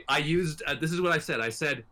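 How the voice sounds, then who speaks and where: A man's voice: on the high side, moderate pace, crowd noise. A man hosting a podcast in casual group chat, rambling with frequent fillers and laughs. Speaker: podcast host.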